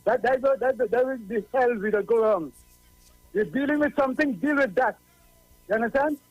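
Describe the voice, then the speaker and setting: A Trinidadian man calls in to a radio show, preaching and repeating points for emphasis. His voice is unusually high for a man, the line sounds dull and lo-fi, and faint music sits behind him. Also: fairly quick, no room sound. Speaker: radio caller. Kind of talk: call-in radio talk.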